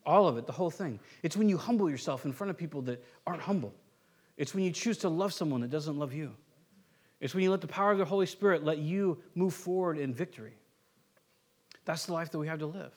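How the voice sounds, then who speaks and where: A man preaching a sermon as pastor, conversational and animated, with many asides and acted quotes, often dropping to a quieter, earnest tone. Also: fairly high pitch, quick pace.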